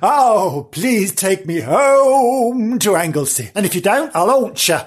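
Woman putting on a stubborn angry chambermaid, pleading then threatening, husky breathy voice, pitch swinging up and down. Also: very animated, slow pace, full character voice.

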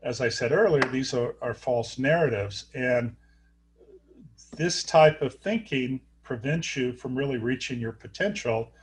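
A middle-aged man talks through a story in an interview, stopping and restarting with lots of filler sounds. His pitch sits in an ordinary middle range for a man. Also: lively intonation. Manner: halting, many fillers and restarts. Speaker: guest, neurosurgeon.

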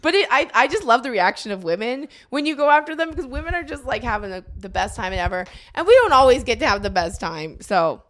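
A woman's voice: on the high side, sing-song, fairly quick, hardly any pauses, fairly bright tone. A woman comedian co-hosting a podcast, chatting bluntly and laughing often as she tells stories. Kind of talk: casual comedic chat.

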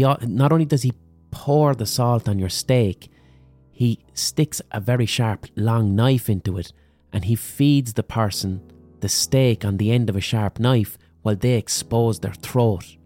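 A man hosting a podcast, delivering a comic hot-take monologue in a wry, deadpan storytelling manner. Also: mid-range voice, measured pace, faint music behind. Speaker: podcast host.

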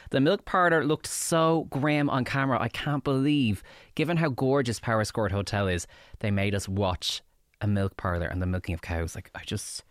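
A man's voice: medium pitch, normal speed, no room sound, clean studio sound. An Irish man doing a chatty, catty and mocking podcast recap segment. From Ireland. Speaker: guest segment contributor.

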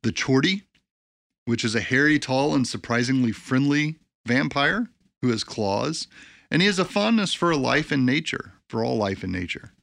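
A man at an ordinary, mid-height pitch, co-hosting a relaxed talk show. He reads from his notes in a loose way, stumbles over hard words and slips in jokes. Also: normal speed, gravelly. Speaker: podcast co-host. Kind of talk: casual chat.

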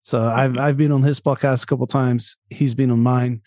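A man hosting a podcast, reading a scripted intro and then chatting in an upbeat, energetic way with guests. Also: mid-range voice, fairly quick, dry recording, clean studio sound. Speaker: podcast host. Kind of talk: casual interview, scripted intro.

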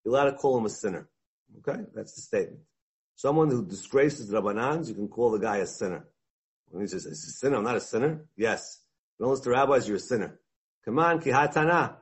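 Husky-voiced man teaching a Talmud class. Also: medium pitch, fast. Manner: animated, mixes Hebrew and Aramaic terms into English, acts out dialogue.

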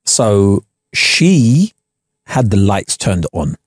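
A young man tells a story in casual podcast banter. His pitch swings a lot as he acts out what people said, and the slang keeps coming. The sound is close and dry, with no room around it. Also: drawn-out words, no room sound. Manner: animated storyteller, slangy, laughs often. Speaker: podcast co-host. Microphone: studio podcast mic.

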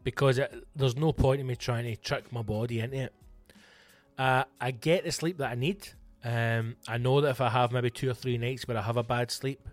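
A man's voice: mid-range voice, fairly even intonation, moderate pace, faint music behind. A Scottish man hosting his own comedy podcast, answering listener questions in a casual monologue with sweary, mock-grand flourishes and teasing the listeners by name. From Scotland.

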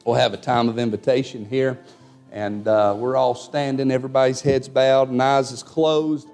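A man's voice: mid-range voice, level tone, moderate pace, darkish tone, soft background music. A man preaching a sermon, telling a personal story in a folksy way with frequent amens.

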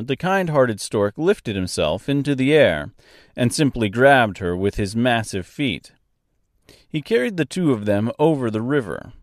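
A man's voice: mid-range voice, dry recording, clean studio sound. A man narrating a storybook in a wry, dryly humorous way. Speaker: audiobook narrator.

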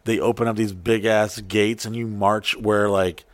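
A man's voice: lowish voice, measured pace, no echo. A man telling stories in casual chat, swearing often and acting out the people he quotes. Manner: profane, animated, acts out quotes.

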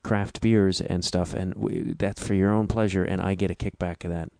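A man with a Chicago accent hosting his own podcast, speaking in a halting, reflective way with frequent restarts. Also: sits low, steady tone, vocal fry, warm tone, dry recording, clean studio sound. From Midwestern United States. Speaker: podcast host. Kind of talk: casual solo podcast intro.

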